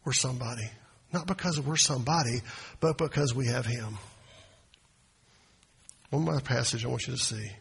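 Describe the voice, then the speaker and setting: A man preaching a sermon as pastor, swinging from quiet asides to loud, emphatic proclamations. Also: medium pitch, moderate pace, gravelly, pauses often, husky. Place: church sanctuary. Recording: long hall reverb.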